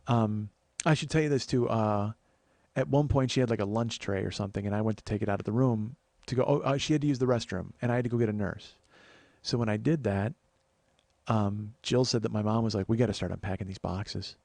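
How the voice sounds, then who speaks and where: A man's voice: lowish voice, brisk, dark tone, no room sound. A man hosting a comedy podcast, telling a long story in a rambling, conversational way. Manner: rambling, conversational, many fillers. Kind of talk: storytelling monologue.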